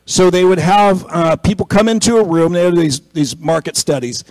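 A man's voice: high-pitched, moderate pace, a little mellow, dry recording, poor audio. A man preaching a conversational sermon, telling a story and acting out the people in it, then building to an emphatic exhortation. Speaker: pastor.

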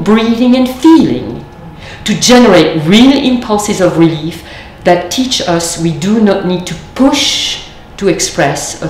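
Her voice is medium-pitched with a darkish tone as she, a native French speaker, gives a reflective lecture. She's measured and pauses on purpose, and the room is echoey with slight background noise.

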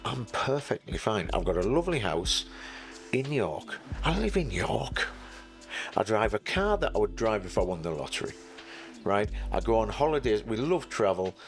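A man's voice: fairly low pitch, big pitch swings, moderate pace, faint music behind. A middle-aged man, telling stories in a chatty, self-mocking way as an interview guest. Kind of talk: casual storytelling.

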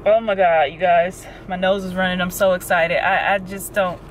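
A young woman vlogging from her car, gasping and exclaiming as she talks quickly and excitedly. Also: on the low side, slight background noise. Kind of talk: excited casual vlog. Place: in a parked car. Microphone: phone camera held close.

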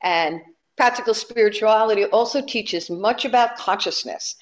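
A woman's voice: mid-range voice, normal speed. A woman minister giving a sermon in a conversational, humorous way. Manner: conversational and humorous, telling jokes to the congregation.

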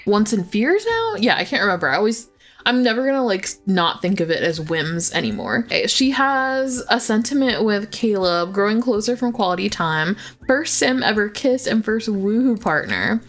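A woman's voice: mid-range voice, sing-song, normal speed. Chatty woman narrating her game. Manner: chatty, fond, lots of "like" fillers. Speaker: gaming YouTuber. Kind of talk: casual gameplay commentary.

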